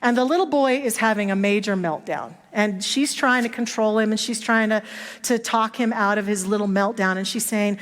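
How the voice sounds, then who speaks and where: Speaking at a moderate pace in a mid-range voice, a female minister delivers a sermon from the church sanctuary. She narrates stories and acts out the quoted voices of the people involved, and the recording carries church hall reverb.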